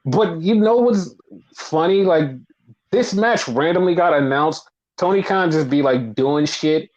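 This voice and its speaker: A man co-hosting a casual wrestling recap podcast, blunt and profane, talking in an animated, opinionated way. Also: a little high, measured pace. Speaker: podcast co-host. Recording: dull lo-fi podcast audio.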